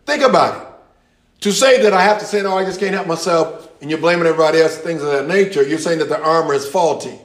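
Pastor, male, sermon delivery, repeats key phrases with rising emphasis, slightly high voice, echoey church room. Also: fast.

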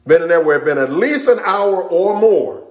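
A middle-aged man preaching a sermon as pastor, emphatic and calling out amens, rising at times to shouts. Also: sits high, lively intonation, moderate pace. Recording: echoey room.

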